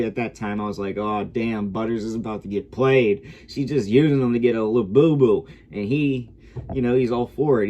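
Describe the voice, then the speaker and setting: A man's voice: on the low side, dark tone. A man giving a casual, rambling review of a TV episode, swearing freely as he goes. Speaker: show reviewer.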